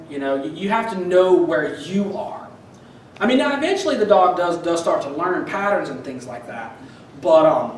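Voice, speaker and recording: A man with a high voice tells stage stories in a dry, self-mocking way, tripping over fillers and restarting his sentences. The sound is roomy and set back from the mic, with a faint ambient hum behind him. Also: far from the mic. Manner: wry, self-deprecating, many fillers and restarts. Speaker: comedian telling stories. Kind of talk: stand-up storytelling.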